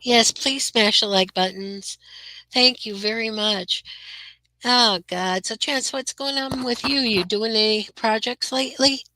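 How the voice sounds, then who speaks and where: A woman hosts a relaxed live chat from her room, greeting viewers by name and rambling along with lots of fillers. Her voice is bright and forward. The sound is dry and close, picked up by a computer mic. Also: a little high, unhurried, no room sound, poor audio. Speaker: livestream host.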